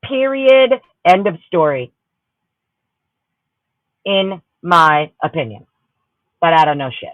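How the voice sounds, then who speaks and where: A woman's voice: lowish voice, very animated, slow pace, long pauses, no echo, dull audio. A woman hosting a livestream, ranting heatedly and with lots of swearing while greeting her chatters. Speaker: livestream host. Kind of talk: profane ranting livestream chat.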